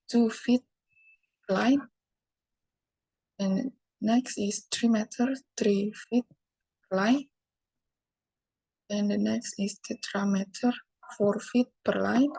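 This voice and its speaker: A woman's voice: mid-range voice, dark tone, no room sound, poor audio. A young woman from Indonesia with an Indonesian accent, giving a careful bilingual classroom presentation that moves between English and Indonesian. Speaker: student presenter.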